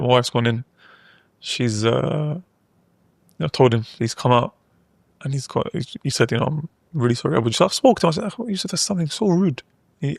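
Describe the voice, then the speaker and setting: A man, telling a family story in a fast, animated way on a podcast. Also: fairly high pitch, vocal fry, no room sound, studio quality. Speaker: podcast co-host. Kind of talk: casual chat.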